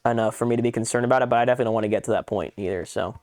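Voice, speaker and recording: Man, podcast co-host, casual ranting chat, swears a lot, mid-pitched, dry close sound. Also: racing, no echo. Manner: animated ranting, swears freely.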